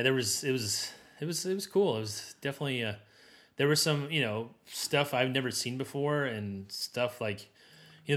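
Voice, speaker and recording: A man's voice: medium pitch, a bit bright. Rambling man in casual chat. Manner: rambling, many restarts and fillers.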